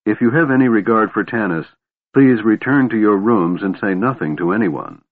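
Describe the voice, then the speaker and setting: An imperious young elf woman general, cold and proud, as a male narrator puts her on. Her lines sit higher than his usual low register, with a lively, sharp edge. The audio is thin and phone-like. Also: moderate pace, close to an everyday voice. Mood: dismissive.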